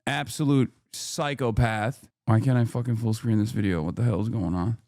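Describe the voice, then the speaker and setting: A man's voice: mid-range voice, fairly even intonation, moderate pace, a little mellow, dry recording, studio quality. A man giving casual political commentary on news clips, blunt and indignant, swearing freely.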